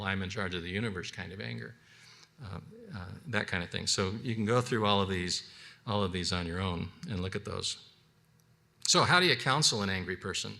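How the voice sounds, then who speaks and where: A man with a lowish, sharp-toned voice teaches a biblical counseling class in an unscripted, conversational session. He acts out the counseling dialogues he describes, often restarting sentences and repeating words.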